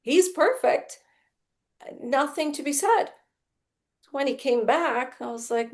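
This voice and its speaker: Expressive woman telling her story. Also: sits high, slow pace, long pauses. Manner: expressive storyteller who acts out past conversations. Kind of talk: conversational podcast talk.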